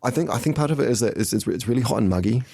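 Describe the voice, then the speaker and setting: A man's voice: mid-range voice, animated, racing, vocal fry, darkish tone, no echo. A man co-hosting a community radio show in a studio, chatting casually with a rambling, hesitant delivery. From New Zealand. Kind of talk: casual chat.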